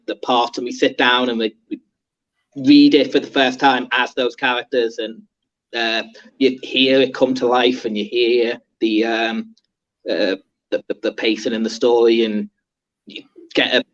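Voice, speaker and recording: A man, a stage actor guest, speaking haltingly with many restarts. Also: mid-range voice, flat delivery. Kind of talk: casual interview. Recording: dull lo-fi sound.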